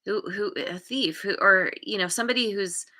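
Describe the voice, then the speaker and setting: A woman's voice: mid-range voice, normal speed, pushed and bright. A woman giving a live tarot reading and thinking aloud, meandering and often restarting as she searches for words. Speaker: tarot card reader.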